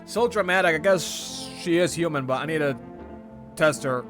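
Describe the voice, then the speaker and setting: Gamer guy, bit high voice, lively and jokey, faint music behind. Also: brisk. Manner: animated, jokey, loud outbursts. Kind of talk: casual gameplay commentary.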